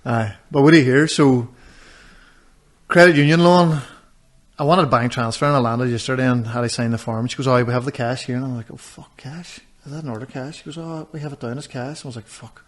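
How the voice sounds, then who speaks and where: A man's voice: medium pitch, fairly even intonation, a little fast. A man, telling stories in a casual podcast chat and swearing freely. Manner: swears a lot, storytelling. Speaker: podcast co-host.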